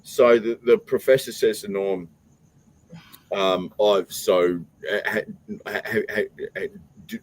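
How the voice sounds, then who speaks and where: Low-voiced man rambling through a joke. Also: steady tone, unhurried, low-quality recording. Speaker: streaming show host. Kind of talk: casual chat on a live stream.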